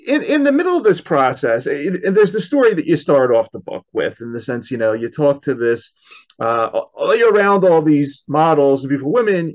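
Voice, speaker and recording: A man hosting an interview, asking rambling questions full of fillers. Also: a little high. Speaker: podcast host, interviewer. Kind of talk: casual interview. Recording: dull, lo-fi remote audio.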